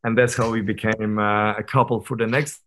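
A man's voice: on the low side, flat delivery, a little fast, fairly bright tone. A man over thirty, a guest on a podcast, telling stories in a candid, reflective way with many fillers and restarts. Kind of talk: casual conversational interview.

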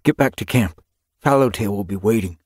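A man's voice: lowish voice, a little fast, a little mellow, no echo, clean studio sound, voice pushed up, close to an everyday voice. Crooked Jaw, a man voicing an indignant young tom. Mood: urgent, indignant. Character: young tom cat warrior, earnest and defiant. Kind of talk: audiobook character voice.

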